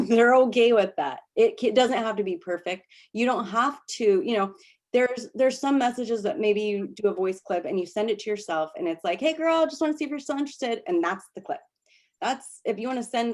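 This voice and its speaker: A woman's voice: mid-range voice, a little mellow. Chatty woman coaching on a call. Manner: chatty, laughing, many restarts. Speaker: workshop presenter. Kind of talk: casual coaching talk.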